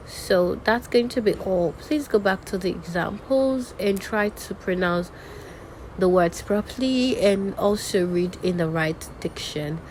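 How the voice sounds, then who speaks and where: Slow, deliberate woman teaching diction. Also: mid-range voice, darkish tone, slight background noise, low-quality recording. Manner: slow and deliberate, models example sentences with exaggerated rising and falling tones. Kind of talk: webinar lesson.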